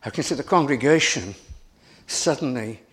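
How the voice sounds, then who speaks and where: A man's voice: mid-range voice, lively intonation, moderate pace. A middle-aged man preaching a sermon as pastor, earnest, repeating his phrases and stumbling over restarts.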